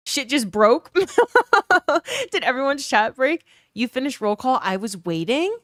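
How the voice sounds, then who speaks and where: Speaking slowly in a high, very animated voice with a fairly bright tone, this young New Orleans woman hangs out with her live stream audience. She has a neutral accent, reads viewer comments out loud, and curses now and then. The studio-quality recording has no echo.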